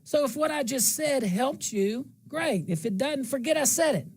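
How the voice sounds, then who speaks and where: A man's voice: extremely high pitch, expressive, unhurried, slight background noise. A middle-aged man from central Louisiana with a slight twang, hosting a talk show in a folksy, rambling monologue that repeats phrases for emphasis.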